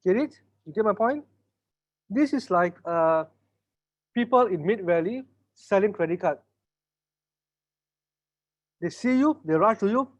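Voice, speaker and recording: A man with a Malaysian English accent runs an online business workshop, teasing his students and playing out little sales scenes. His voice sits high for a man. The audio is somewhat dull and lo-fi, like a video call. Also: unhurried, long pauses. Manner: lively, teasing, acts out sales dialogues. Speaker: business trainer. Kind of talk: online workshop lecture with role-play.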